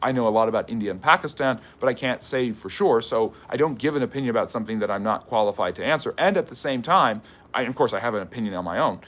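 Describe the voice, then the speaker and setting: A man's voice: mid-range voice, lively intonation, fast, fairly bright tone. A man hosting a live history stream, reading viewer questions aloud and answering them in a chatty way. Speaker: history channel host.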